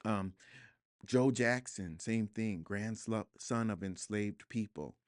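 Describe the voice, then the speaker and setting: A man with a fairly low voice talks as a guest in a studio interview. He is reflective and earnest, and at times he builds to emphatic repetition. The tone is smooth and full, and the sound is dry and close. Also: takes it slowly, no room sound. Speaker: guest author. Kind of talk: podcast interview conversation.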